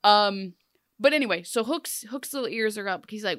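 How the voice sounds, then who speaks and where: A young woman chats through a TV episode in an animated, joking way, throwing in quick silly voices for each character. Her voice sits in a middle range and the sound is close and dry, with no room around it. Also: mid-range voice, no echo. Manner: animated, acts out characters' lines in jokey voices. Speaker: podcast co-host. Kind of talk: casual chat recapping a TV episode.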